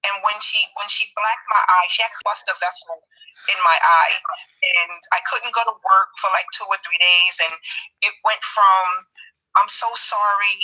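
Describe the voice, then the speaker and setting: A woman tells her own story candidly, stumbling and restarting as she goes. Her voice sits in a middle pitch and has a very bright, sharp edge. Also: fairly even intonation, low-quality recording. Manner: halting, candid, with restarts and casual speech. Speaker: support group participant. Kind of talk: personal testimony.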